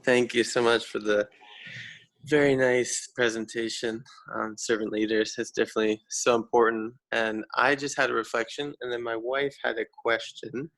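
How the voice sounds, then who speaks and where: A man's voice: mid-range voice, flat delivery, moderate pace, a bit bright, dry recording, low-quality recording. A man who is a participant in an online program, politely giving a comment on a video call.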